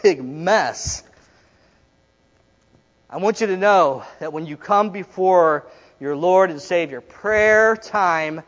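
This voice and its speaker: A middle-aged man preaching a sermon, telling a story and acting out the people in it, laughing often. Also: sits high. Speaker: pastor. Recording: dull sound in a reverberant hall.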